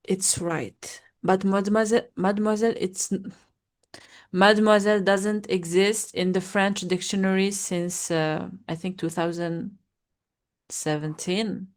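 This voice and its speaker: A woman's voice: mid-range voice, fairly even intonation, measured pace. A woman in her twenties teaching a French class over a video call, drilling greetings and chatting with students. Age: 20s. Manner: drills words, then chats with laughs. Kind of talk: online class, casual teaching.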